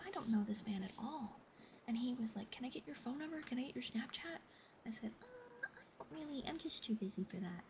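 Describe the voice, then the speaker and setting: Whispering young woman streamer, soft and giggly. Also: a little high, a little hiss or hum. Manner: chatty, giggly, thanks viewers. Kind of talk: whispered ASMR stream chat.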